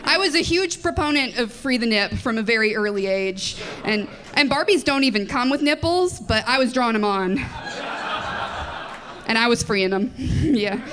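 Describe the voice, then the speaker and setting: A woman in her twenties doing a live stand-up set on a comedy club stage. She talks quickly, with a self-deprecating tone, giggles often, and chats with the audience through a handheld mic. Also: on the high side, lively intonation, a crowd in the background. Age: 20s.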